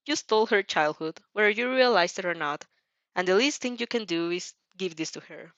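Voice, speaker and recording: A woman's voice: medium pitch, animated, fairly quick, a bit bright, no echo, dull audio. A woman reading a fanfic aloud as narrator, with small slips and self-corrections.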